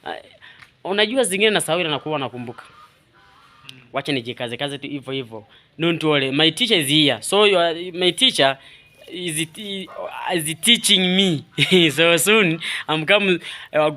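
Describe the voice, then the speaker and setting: A man with a Swahili accent chatting casually in halting English, repeating words and laughing often. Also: on the high side, lively intonation, bright, forceful tone. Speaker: vlogger. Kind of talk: casual chat in broken English.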